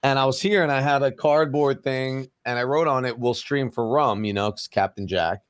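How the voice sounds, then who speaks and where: A man's voice: medium pitch, normal speed, clear, resonant tone, dry recording. A man on a streamer panel telling a casual anecdote, agreeable and chatty.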